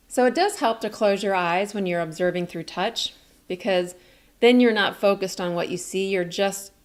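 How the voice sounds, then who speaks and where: A woman teaching a communication lesson in a calm, clear, explaining way. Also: lowish voice. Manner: calm, explains slowly and clearly, demonstrates statements. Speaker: communication coach.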